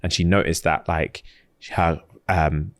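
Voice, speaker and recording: A young man, co-hosting a podcast and retelling a story in animated, slangy casual chat. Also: deep voice, measured pace. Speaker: podcast co-host.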